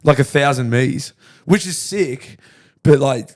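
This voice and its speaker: A man's voice: mid-range voice, slow. A man co-hosting a podcast, in crude, rambling, casual banter with frequent laughs. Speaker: podcast co-host.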